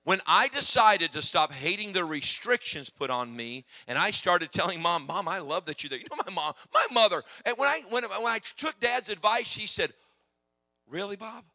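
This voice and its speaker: A man preaching a sermon in a church, telling stories in an animated, emphatic, humorous way. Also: high-pitched, moderate pace, few pauses, dry recording. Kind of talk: sermon with personal storytelling.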